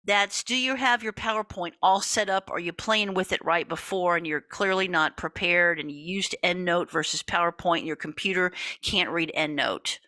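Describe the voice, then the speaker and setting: A woman teaching a college communication class in a lively, talkative lecture style, often checking in with "right?". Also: fairly low pitch, normal speed, hardly any pauses, dry recording. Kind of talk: recorded lecture.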